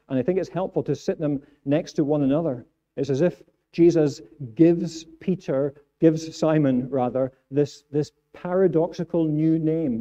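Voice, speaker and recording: Scottish preacher with a dark, dull tone. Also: male voice, a little high. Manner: animated preaching, builds to raised emphatic passages. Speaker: pastor. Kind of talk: sermon. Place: church sanctuary. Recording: dull lo-fi sound.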